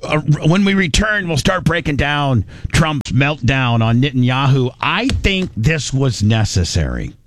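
A man's voice: medium pitch, very animated, unhurried, few pauses. A male talk radio host, rambling and mocking in casual commentary.

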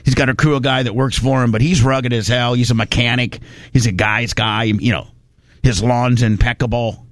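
A man's voice: medium pitch, steady tone, normal speed, dry recording, studio quality. Folksy rambling storyteller man. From Indiana. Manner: rambling, folksy, restarts often. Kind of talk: casual storytelling.

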